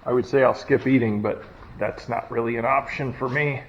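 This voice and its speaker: A man's voice: medium pitch, fairly even intonation, moderate pace. A man chatting casually while he works on an old truck in his garage, joking about himself as he goes. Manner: chatty, self-deprecating, talks while working. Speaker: hobby mechanic restoring a truck. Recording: dull lo-fi audio with faint noise. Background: logging machinery next door.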